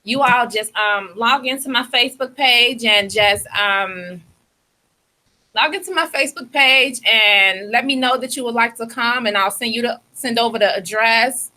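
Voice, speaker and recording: A woman's voice: on the high side, moderate pace, pushed and bright, low-quality recording. A woman from Chicago in her thirties, co-hosting a radio show and promoting an event in an upbeat, inviting way. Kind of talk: casual radio chat. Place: radio studio.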